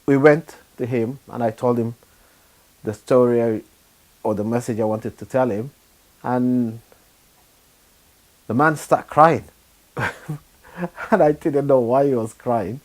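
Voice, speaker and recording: A middle-aged man from Sudan, giving a personal testimony in a halting, unhurried way with frequent pauses and fillers. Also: medium pitch. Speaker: churchgoer giving his testimony.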